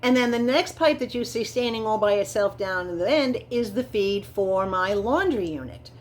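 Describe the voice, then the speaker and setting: A middle-aged woman talks casually to her viewers, chatty and enthusiastic, drifting from point to point with small fillers. Her voice sits at an ordinary middle pitch. A faint hiss of background noise runs under the recording. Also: expressive, normal speed. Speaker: vlogger. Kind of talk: casual chat narrating a home build.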